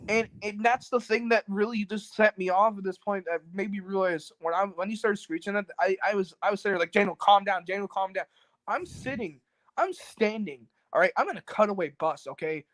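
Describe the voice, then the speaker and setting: A man's voice: high voice, brisk, fairly bright tone, no room sound, low-quality recording. A man telling a story as a guest on a talk show, rambling and cursing, full of fillers, acting out what others said. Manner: rambling, profane, many fillers; acts out quoted people. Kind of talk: casual storytelling.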